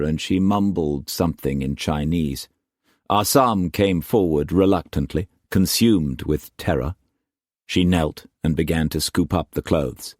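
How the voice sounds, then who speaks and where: A man narrating an audiobook in a measured, expressive reading. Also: rumbling low, dry recording, studio quality.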